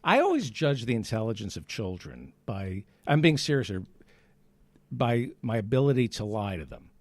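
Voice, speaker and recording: A man's voice: mid-range voice, very animated, moderate pace, dry recording. A man in his fifties, a guest comedian, chatting casually and cracking wry, self-mocking jokes.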